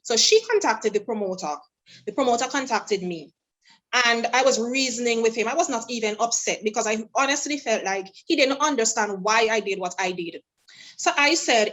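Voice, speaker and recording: Her voice is on the high side at normal speed, captured in poor audio. She's a guest singer from St. Vincent and the Grenadines, spinning animated stories in a relaxed interview and performing the quoted dialogue of others.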